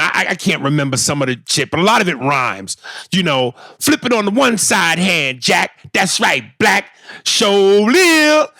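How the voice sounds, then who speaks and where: Gravelly-voiced man, animated podcast talk. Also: on the high side, dry recording, clean studio sound. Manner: animated, swears freely, mimics voices. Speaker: podcast co-host. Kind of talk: casual podcast chat.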